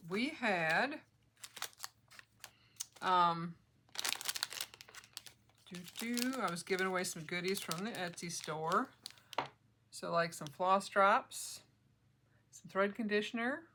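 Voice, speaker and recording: A woman's voice: mid-range voice, background noise. A middle-aged woman vlogging casually about her cross-stitch projects, chatty and joking, laughing often. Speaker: flosstube vlogger.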